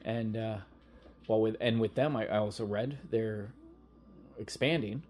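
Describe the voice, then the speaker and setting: A man co-hosting a wrestling podcast, talking casually and telling stories with quick asides and laughter. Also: on the low side, a little mellow. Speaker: podcast co-host. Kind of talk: casual chat. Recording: faint background noise.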